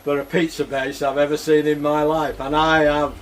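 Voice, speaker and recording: A man's voice: a little high, little pitch movement, normal speed, slight background noise. An older man chats casually while he cooks at home, rambling and chuckling as he talks. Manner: rambling, chuckling, plain-spoken. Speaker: cooking vlogger. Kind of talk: casual cooking chat.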